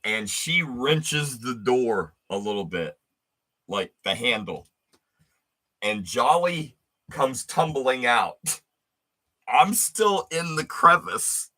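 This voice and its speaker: Slow-talking profane male storyteller. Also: mid-range voice, very animated, bright, forceful tone. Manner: profane, deliberate, emphatic.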